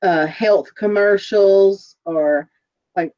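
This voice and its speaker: A woman hosting a casual online jewelry sale, chatty and quick to laugh, describing items with lots of fillers. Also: mid-range voice. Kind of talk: casual livestream chat. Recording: dull lo-fi livestream audio.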